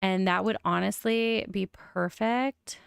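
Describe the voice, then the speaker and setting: A woman's voice: medium pitch, steady tone, takes it slowly, gravelly, smooth, no room sound, studio quality. A young adult woman with a mild lisp, streaming and musing aloud as she builds in a game, with frequent oohs. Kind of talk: casual game-building commentary.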